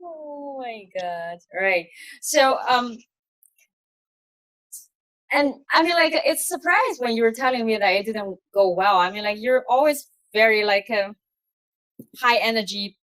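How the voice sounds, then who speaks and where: A woman's voice: a little high, expressive, measured pace, long pauses, a bit bright, no room sound. Giggly woman host, dry close sound. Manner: laughs often, hesitant phrasing with many fillers. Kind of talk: casual interview chat. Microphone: video call.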